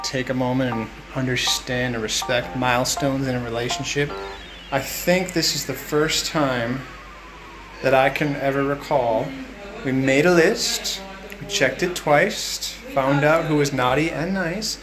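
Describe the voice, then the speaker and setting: A man's voice: a little high, rough recording. A man hosting a casual vlog, talking in a wry, playful, teasing way. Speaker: vlog host. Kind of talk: casual joking vlog narration.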